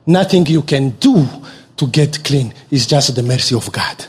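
A man from Africa preaching a sermon as a lively storyteller who repeats words for emphasis. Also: unhurried. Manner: animated storytelling with repeated words and sudden leaps in pitch.

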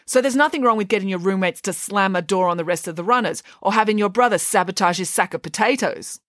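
A woman reading aloud, voicing a clever schoolgirl detective who speaks calmly and bluntly. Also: medium pitch, fast talker, no echo, clean studio sound, pitched above the performer's own voice, close to an everyday voice. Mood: matter-of-fact. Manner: calm, matter-of-fact, blunt.

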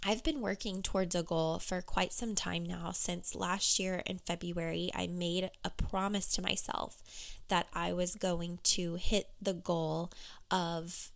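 Hoarse, gravelly-voiced woman life coach. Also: fairly low pitch. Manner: chatty, candid, uses "you know" and "um". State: hoarse, froggy voice. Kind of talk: casual talking-to-camera monologue.

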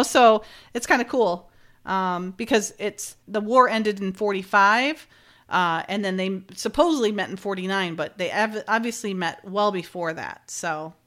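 A woman's voice: medium pitch, a bit bright. A woman in casual podcast chat, recapping a TV episode and acting out its dialogue, giggling often. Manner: chatty, acts out dialogue, giggly. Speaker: podcast co-host.

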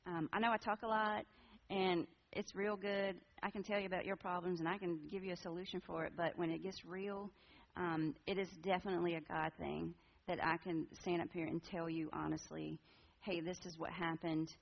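A woman's voice: fairly low pitch, flat delivery, moderate pace, creaky. A woman in her forties giving a candid, earnest personal testimony to a church group in a conversational way. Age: 40s. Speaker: women's ministry speaker. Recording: dull lo-fi recording.

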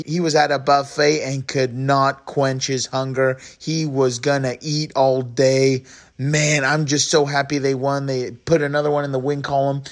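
An excitable man cheering through a game recap. He talks loudly, throws in some trash talk and exclamations, and records on his own in a hotel room. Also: medium pitch. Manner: boisterous, trash-talking, exclamatory. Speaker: co-host sending a voice message. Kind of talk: excited sports fan recap.

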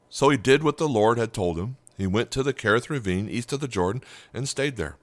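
A man's voice: on the low side, fairly bright tone, no echo. A man preaching a sermon, telling a folksy joke-story in an easy, chatty way and checking in with the listeners. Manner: folksy storytelling with jokes and repeated okay and right. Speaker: pastor.

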